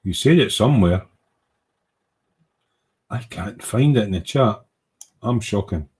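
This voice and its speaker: A low-leaning, expressive, slightly mellow male voice comes through unhurried, with slight background noise. He is a hobby model maker hosting a casual livestream, reading viewer comments aloud, rambling self-deprecatingly in British slang, and humming as he clicks around.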